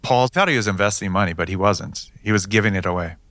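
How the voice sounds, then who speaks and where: A man's voice: low-pitched, fast, a bit bright, no echo. A man, a police detective, telling his case in a matter-of-fact way with dry humor. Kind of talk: storytelling interview answers.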